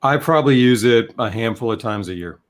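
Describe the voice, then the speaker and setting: A man co-hosting a casual chat, talking in a relaxed, candid way and often asking "you know what I mean". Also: mid-range voice, a little fast. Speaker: co-host and vape reviewer.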